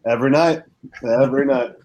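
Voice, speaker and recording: A man's voice: mid-range voice, fairly quick, darkish tone, highs cut off. A man guesting on a podcast, joking at his own expense in casual chat. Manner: self-deprecating, joking.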